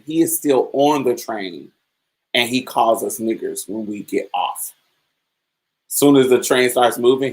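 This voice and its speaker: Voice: medium pitch, poor audio. A podcast host talking in a candid, colloquial storytelling manner in a casual monologue, responding to chat comments.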